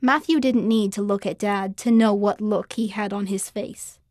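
A woman narrating a children's story in a clear, expressive manner. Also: medium pitch, normal speed, dry recording, studio quality.

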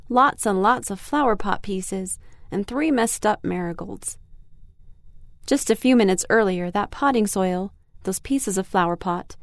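A woman's voice: mid-range voice, dry recording, studio quality. A woman reading a children's story aloud expressively in the first person, as a young girl. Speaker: narrator.

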